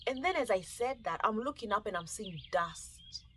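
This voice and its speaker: A woman with a Kenyan accent, telling an animated, emotional personal testimony and acting out the dialogue. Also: medium pitch, moderate pace, a little hiss or hum. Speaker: storyteller.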